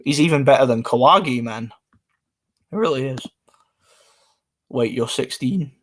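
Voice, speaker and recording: A man's voice: mid-range voice, expressive, measured pace, a bit bright. A man, casually chatting on a live stream and answering comments in a rambling way. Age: 20s.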